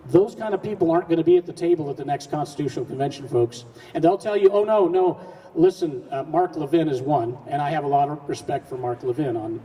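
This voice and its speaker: A man with a fairly high, mellow voice gives a folksy, earnest speech to a live audience, posing rhetorical questions and restarting his sentences. He sounds distant from the microphone, and a long reverb trails his words through a large hall. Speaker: speaker at a public event.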